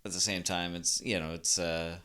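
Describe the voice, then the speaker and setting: A man's voice: low voice, flat delivery, normal speed, bright, forceful tone, smooth. A man co-hosting a podcast in casual chat, using "like" a lot and swearing freely. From Boston area. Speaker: podcast co-host.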